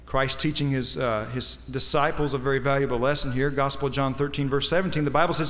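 A man preaching a sermon as pastor, reading scripture quietly and then building to emphatic, rising climaxes. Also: mid-range voice, fairly even intonation, fast, few pauses. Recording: long reverb of a large hall.

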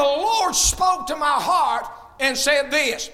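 Fiery high-voiced shouting preacher man. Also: slow, hardly any pauses. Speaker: pastor. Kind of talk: sermon.

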